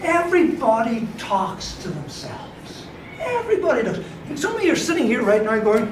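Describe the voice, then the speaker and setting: A man giving a lively motivational sports psychology talk to a live audience, laughing often, acting out quoted voices and checking in with "right?". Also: extremely high pitch, moderate pace, very noisy. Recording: echoey hall, miked from far off.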